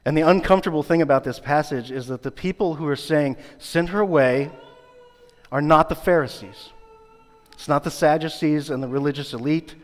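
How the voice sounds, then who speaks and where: A man preaching a sermon as pastor, earnest and building his points through rhetorical repetition. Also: mid-range voice. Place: church sanctuary. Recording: long reverb of a church hall.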